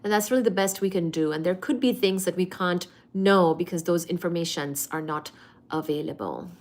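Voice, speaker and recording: A woman hosting a casual study-with-me livestream, chatty and expressive as she reads and answers viewer comments. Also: fairly low pitch, normal speed. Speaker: livestream host.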